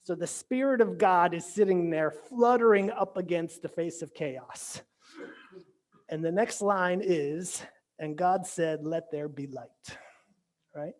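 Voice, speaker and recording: A man's voice: sits high, slow. A male pastor delivering a casual virtual sermon. He talks in a loose, conversational way, with frequent restarts and little check-ins to his listeners. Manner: conversational, lots of "right?" and restarts. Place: church or home, virtual sermon.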